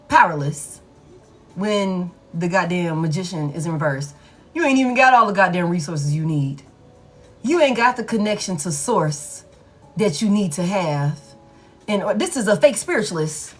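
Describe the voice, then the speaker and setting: A woman's voice: mid-range voice, husky. A woman giving a casual tarot reading who talks bluntly and emphatically, swears freely and repeats her points. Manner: emphatic, blunt, repeats phrases, lots of profanity. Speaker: tarot reader.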